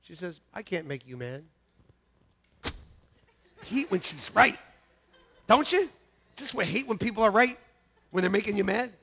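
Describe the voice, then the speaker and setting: Male pastor, high and gravelly, animated sermon with shouted punchlines. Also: normal speed, long pauses, slight background noise. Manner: animated, laughing, repeats lines to the congregation; shouts mock-angry quotes at peaks. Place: church.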